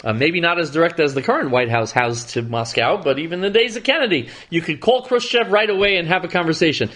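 A man's voice: a little high, quick pace, a bit bright. A middle-aged man teaching a verse-by-verse scripture lesson, reading passages dramatically and adding wry asides. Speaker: Torah teacher.

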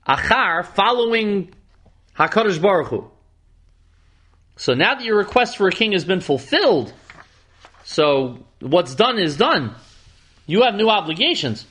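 A man's voice: sits high, fairly bright tone. A middle-aged man teaching a verse-by-verse scripture lesson, reading passages dramatically and adding wry asides. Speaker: Torah teacher.

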